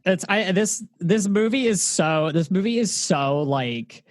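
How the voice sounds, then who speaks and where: A man's voice: high voice, expressive, unhurried, dry recording. Enthusiastic man on a movie podcast. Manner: enthusiastic, repeats words while thinking. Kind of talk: casual podcast chat about a film.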